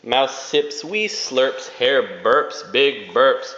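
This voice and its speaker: Dad reading a bedtime story super slow, sing-songy, phone recording in an echoey room. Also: male voice, medium pitch, lively intonation, lo-fi sound. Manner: gentle, sing-song reading with sound effects. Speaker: father reading to his children.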